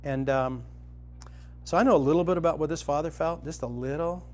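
A middle-aged man preaching a sermon, telling a personal story and retelling a parable, rising to loud excitement in the vivid parts and dropping soft in the tender ones. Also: fairly quick. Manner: storytelling, grows animated and loud when dramatizing, soft and low when tender.

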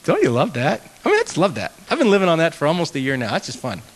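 A man speaking as a pastor in an earnest conversational teaching talk, with animated self-mocking humor. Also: on the high side, very fast. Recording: long hall reverb.

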